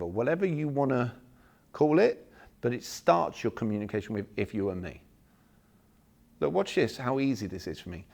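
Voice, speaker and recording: A man's voice: medium pitch, fairly quick, vocal fry. A man, leading a live workshop and acting out sample messages for the audience. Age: 40s. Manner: animated, acts out sample messages, jokes with the room. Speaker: workshop speaker. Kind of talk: live seminar talk to an audience.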